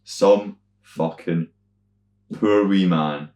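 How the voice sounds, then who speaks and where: Deep, dark-voiced Scottish man. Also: a little fast, roomy sound. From Scotland. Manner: animated storyteller, acts out other people's lines in loud high voices, swears freely. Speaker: podcast co-host. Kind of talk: casual chat, storytelling.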